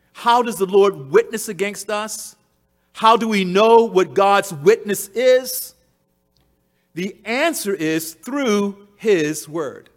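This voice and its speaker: A man with a notably high voice delivers a sermon. He hammers home phrases by repeating them, rising to loud, emphatic peaks and then dropping into quiet, low-pitched stretches. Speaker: preacher.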